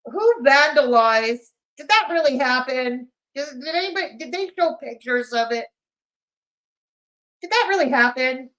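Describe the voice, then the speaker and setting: A woman's voice: high-pitched, expressive, normal speed, a bit bright, poor audio. A woman hosting a live-stream, commenting on clips in a sarcastic, mocking way. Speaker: commentary channel host.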